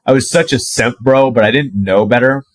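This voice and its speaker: A young man telling a personal story to camera in a casual, animated way, full of "like" and the odd swear word. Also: mid-range voice, fairly quick, dry recording, rough recording. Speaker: dating coach.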